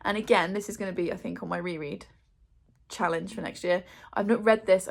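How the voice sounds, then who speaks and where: A woman's voice: mid-range voice, vocal fry. A young woman from England chatting to camera, with a chatty, self-deprecating manner and many fillers. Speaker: booktuber. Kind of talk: casual chat to camera.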